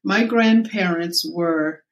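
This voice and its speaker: Slow-spoken older woman telling her story. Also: fairly low pitch. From South Carolina, US. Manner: slow, reflective storytelling with quoted voices. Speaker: interview guest. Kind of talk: personal storytelling in conversation.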